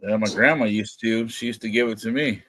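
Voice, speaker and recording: A man's voice: on the low side, fairly even intonation, fairly quick, a bit bright, a little hiss or hum. A man co-hosting a casual chat, chuckling and chiming in with memories of his own.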